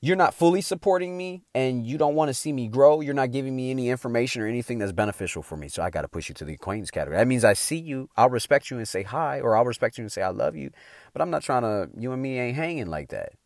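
A middle-aged man talks straight to his listeners in a motivational speech, slangy and emphatic, cursing now and then. His pitch swings widely as he pushes a point. The sound is dry and close. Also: animated, quick pace, darkish tone, no echo. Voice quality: emphatic, slangy, swears freely. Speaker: motivational speaker. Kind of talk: motivational talk.

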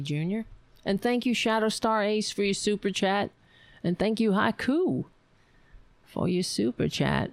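A woman hosting a live stream, chatting casually in a rambling, halting way, reading viewer comments. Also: medium pitch, expressive, vocal fry, no room sound. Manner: rambling, halting, laughs often, chatty with cats. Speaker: livestream host.

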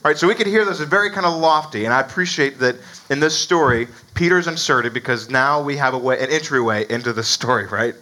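A man's voice: mid-range voice, brisk, sharp tone, rough recording. A man preaching a sermon in a conversational way, often asking "right?" and chuckling between points. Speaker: pastor.

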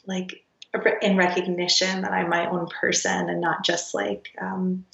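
Woman guest, thoughtful and unhurried, lo-fi distant call sound. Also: fairly low pitch, little pitch movement, creaky, fairly bright tone. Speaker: podcast guest, project founder. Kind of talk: casual interview chat. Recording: roomy, distant, dull sound.

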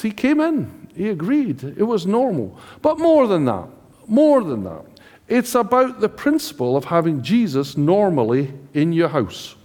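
A man's voice: sits high, darkish tone. A man with a British accent preaching a sermon in a chatty, joking way, often asking the congregation questions. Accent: British English. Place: church hall. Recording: church hall reverb.

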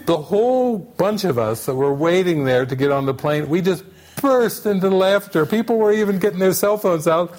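A man telling a funny travel anecdote to an online retreat group, animated and often laughing as he goes. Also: high-pitched, normal speed. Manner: animated, repetitive storytelling, breaking into laughter. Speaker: retreat speaker.

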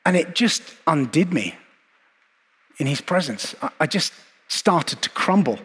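Reverberant male preacher, husky voice. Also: fairly high pitch, lively intonation, a bit bright. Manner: earnest, reflective, with measured pauses and repeated phrases. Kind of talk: sermon. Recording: long hall reverb.

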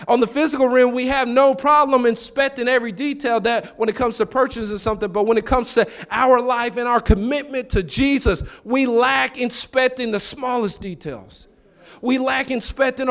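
A man preaching a sermon in church, telling stories with acted-out quotes and repeated phrases. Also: normal speed. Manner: animated, pitch jumps high for quoted voices. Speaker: pastor.

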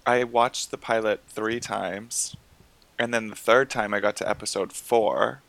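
A man's voice: lowish voice, fairly even intonation, measured pace, creaky, a bit bright. Joking, foul-mouthed male podcast co-host. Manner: joking, swears freely, acts out quotes. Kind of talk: casual chat.

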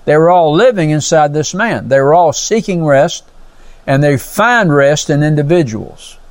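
A man with a high voice preaches a sermon as a pastor. He teaches earnestly, explaining words from the verses and often adding amens and praises. The sound is dry and close, with little room echo. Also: animated, normal speed.

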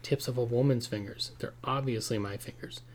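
A man reading the lines of a calm, soothing husband who brushes off his wife's fears. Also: medium pitch, a little fast, natural voice. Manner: soothing, matter-of-fact. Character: reassuring husband, calm, a bit dismissive.

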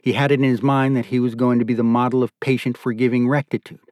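Man with a calm, measured reading voice. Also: mid-range voice, dry recording, clean studio sound. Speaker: audiobook narrator. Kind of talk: scripted narration.

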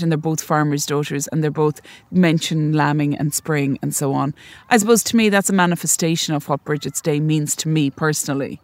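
Writer, woman, measured reader, thoughtful and hesitant when talking, dry sound. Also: fairly low pitch, dry recording. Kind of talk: reading her own short story, then interview.

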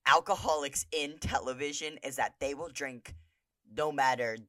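A woman co-hosting a podcast in casual chat, expressive and playful in her reactions. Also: sits low, moderate pace, dry recording, studio quality. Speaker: podcast co-host.

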